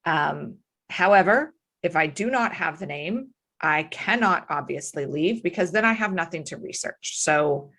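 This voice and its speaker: A woman's voice: on the low side, lively intonation, unhurried, fairly bright tone, full character voice. A woman doing a pompous male scholar. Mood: insistent. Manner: pompous, formal, condescending. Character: haughty learned male scholar, impatient.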